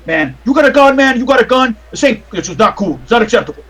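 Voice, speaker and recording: Brief: man playing a jittery male doorman, raised pitch, loud and excitable. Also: quick pace, heavily acted. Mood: panicked. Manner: frantic, excitable shouting. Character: panicky burly male doorman.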